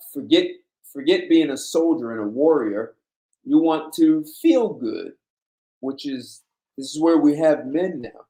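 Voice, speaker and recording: A man's voice: medium pitch, dark tone. A man hosting a blunt, emphatic monologue in a casual, lecturing way. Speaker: host. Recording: roomy echo.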